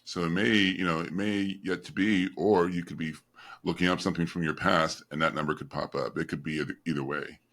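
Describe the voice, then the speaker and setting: A man's voice: low-pitched, steady tone, brisk, fairly bright tone. A man hosting a podcast in casual interview chat, easygoing and reflective, with lots of "you know". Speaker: podcast host.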